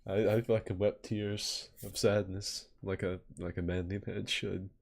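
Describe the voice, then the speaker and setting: A man's voice: fairly low pitch, level tone, unhurried, vocal fry, a little mellow. A man hosting a podcast in casual chat, swearing and self-mocking, often laughing. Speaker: podcast host.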